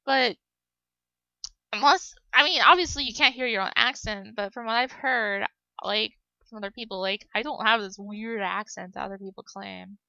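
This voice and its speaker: A woman's voice: a little high, moderate pace, pushed and bright, no echo, rough recording. A young woman casually commenting on her own gameplay, chatty and giggly with lots of fillers. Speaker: let's play host. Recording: game music playing behind.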